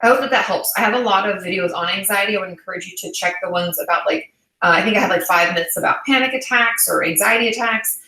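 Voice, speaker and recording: Bright-voiced chatty woman therapist. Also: medium pitch, fast talker, echoey room, rough recording. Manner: chatty and reassuring, many "um"s and "like"s. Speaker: therapist and channel host. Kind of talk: casual livestream chat answering viewer questions.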